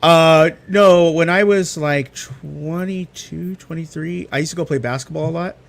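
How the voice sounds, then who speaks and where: A young man telling stories in a casual chat, slightly high in pitch. He acts out every quote with gusto and keeps the talk moving. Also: unhurried, vocal fry. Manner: animated storyteller, acts out quotes. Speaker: guest.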